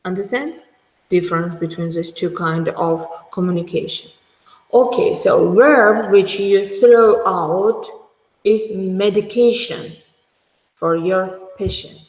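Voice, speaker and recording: A woman with a Georgian accent giving a medical school lecture, speaking slowly and emphatically and often checking in with her students. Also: mid-range voice, darkish tone. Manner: slow, emphatic, frequent checks with the class. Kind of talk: university lecture. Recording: echoey hall, roomy reverb.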